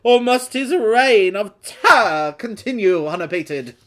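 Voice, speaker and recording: A woman's voice: medium pitch, lively intonation, measured pace, pitched above the performer's own voice, natural voice. A theatrical Victorian newspaper crier, as a woman puts on the voice. The put-on British accent swoops dramatically up and down. Every line is read with exaggerated flair. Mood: dramatic. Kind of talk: dramatic reading.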